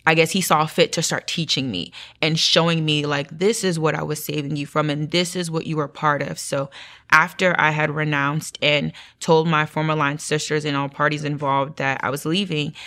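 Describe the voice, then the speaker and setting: A woman's voice: deep voice, steady tone, normal speed, a bit bright. Earnest woman telling a personal testimony. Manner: earnest, emotional storytelling with acted-out inner dialogue. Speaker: guest.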